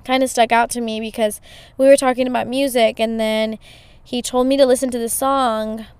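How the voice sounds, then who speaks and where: A woman's voice: on the high side, steady tone, moderate pace, a little mellow, smooth, no echo. A woman hosting a podcast, telling a story in a casual, chatty way with lots of "you know" fillers. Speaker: podcast host.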